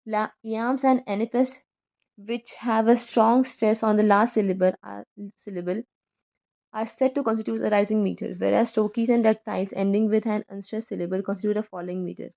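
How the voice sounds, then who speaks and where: A woman reads a passage on poetic meter aloud at a careful pace, stopping to correct her own slips. Her pitch is middling for a woman. The recording sounds dull and lo-fi. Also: fairly even intonation, moderate pace, creaky. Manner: careful reading with self-corrections. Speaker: student reader. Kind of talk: reading a poetry textbook aloud.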